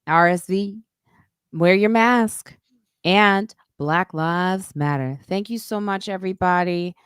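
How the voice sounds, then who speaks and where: A woman's voice: on the low side, a little slow, fairly bright tone, clean tone, dry recording, studio quality. Casual middle-aged woman podcast host. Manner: chatty, loose, swears casually. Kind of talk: casual live-stream chat.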